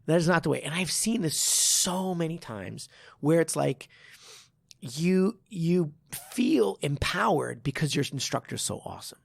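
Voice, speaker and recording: Gravelly-voiced man telling a story. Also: fairly high pitch, measured pace, dry recording, studio quality. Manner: animated storytelling, swears, acts out quotes. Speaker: podcast host, martial arts instructor. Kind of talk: casual chat.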